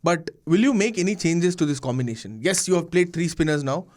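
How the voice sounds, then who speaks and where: A man's voice: a little high, expressive, brisk, a little mellow. A man hosting a casual cricket debate, challenging and teasing the panelists.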